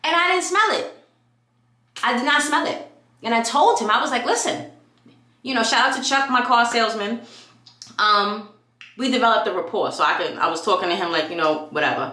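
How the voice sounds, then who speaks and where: A woman chats through a casual vlog, animated and quick to act out what people said. Her voice is bright and forceful. The room around her is echoey. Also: a little high. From New York. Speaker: vlogger.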